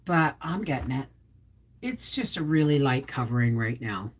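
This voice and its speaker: A woman's voice: a bass voice, big pitch swings, normal speed, slightly rough. A middle-aged woman from Quebec chatting casually on a livestream, greeting viewers by name. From Quebec, Canada. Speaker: homestead channel host. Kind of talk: casual livestream chat reading comments.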